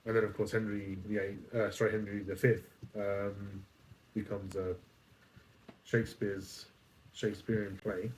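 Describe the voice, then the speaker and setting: Man, podcast guest, low voice, hesitant, faint background noise. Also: flat delivery, unhurried, darkish tone, low-quality recording. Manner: hesitant, with fillers. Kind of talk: casual chat.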